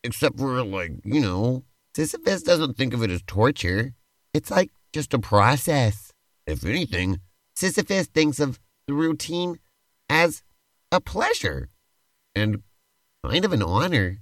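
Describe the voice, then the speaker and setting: A man's voice: mid-range voice, very animated, measured pace, fairly bright tone, no room sound, clean studio sound. A man hosting a podcast and narrating a playful tabletop-style role-play adventure as game master, in an easygoing, rambling way.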